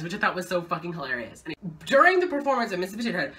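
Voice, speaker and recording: A young woman vlogger telling a casual story time, excitable and full of swearing. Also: mid-range voice, racing, distant mic.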